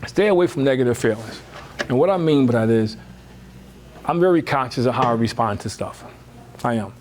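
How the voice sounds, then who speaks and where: A man speaks to parents in a loose motivational talk, leaning on rhetorical questions and casual asides. His voice sits at a middle pitch and climbs when he gets worked up. A faint hiss of noise runs behind him. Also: fairly quick. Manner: lively, emphatic, rising high when animated; conversational, uses rhetorical questions and "you know".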